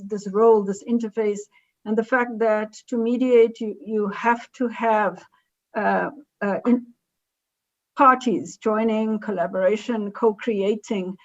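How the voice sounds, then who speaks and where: A woman giving a remote conference talk, halting and often correcting herself. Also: medium pitch, darkish tone, lo-fi sound. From South Africa. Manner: halting, self-correcting delivery. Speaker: invited conference speaker.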